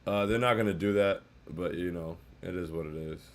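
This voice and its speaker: A man's voice: deep voice, brisk. A man hosting a casual postgame livestream, sounding dejected, saying "bro" a lot and reading chat comments aloud. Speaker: livestream host.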